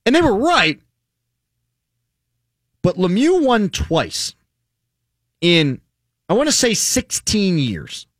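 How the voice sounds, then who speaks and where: A man hosting a casual sports talk show, animated and joking with his co-hosts. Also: sits high, takes it slowly, pauses often, no echo, clean studio sound. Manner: animated, jokey, mock impressions. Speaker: sports talk radio host.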